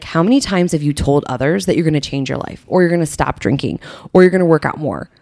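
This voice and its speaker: A woman's voice: deep voice, darkish tone, no echo, studio quality. A woman co-hosting a podcast, giving earnest, encouraging advice in a casual coaching chat. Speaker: podcast co-host.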